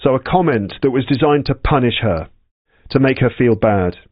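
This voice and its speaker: Male language teacher, calm and methodical, walks through vocabulary step by step; dry, slightly muffled sound. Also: mid-range voice, no echo. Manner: slow, patient explanations with repetition. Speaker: English teacher. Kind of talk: explaining vocabulary from a story.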